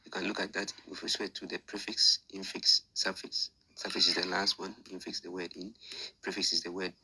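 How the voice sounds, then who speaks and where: A man's voice: low-pitched, level tone, a little fast, bright, forceful tone, slight background noise, rough recording. A man teaching an online lesson, explaining step by step in a patient, repetitive way and thinking aloud with fillers. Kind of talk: screen-share lesson explanation.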